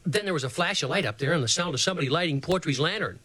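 A man narrating a children's storybook in an expressive, playful way. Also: on the high side, rapid-fire, breathy edge, no room sound. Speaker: audiobook narrator.

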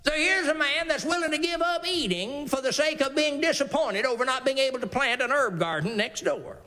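Preacher guy with a high bright voice, folksy and emphatic. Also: lively intonation, a little fast. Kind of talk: sermon.

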